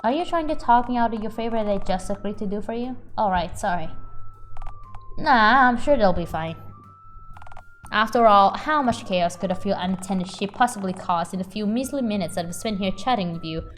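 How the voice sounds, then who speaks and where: A woman's voice: medium pitch, animated, normal speed, soft background music, lightly acted. A woman doing a weary, grumbling male shepherd. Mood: exasperated. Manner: grumbling, sarcastic, exasperated. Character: grumpy, weary male shepherd, blunt and exasperated. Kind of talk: voicing game dialogue on stream.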